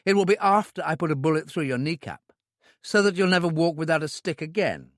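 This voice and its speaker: A man's voice: fairly high pitch, a little fast, no room sound, clean studio sound, pitched above the performer's own voice, natural voice. A man voicing a hard, ruthless agent who gives curt, menacing orders in an audiobook. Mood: commanding. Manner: clipped, commanding, menacing. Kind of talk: audiobook character reading.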